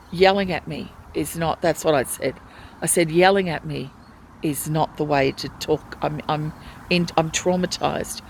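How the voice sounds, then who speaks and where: In a rough recording with faint hiss or hum, a low-voiced woman speaks from a hospital ward. Her video diary is a distressed, pleading account of the treatment she has received there.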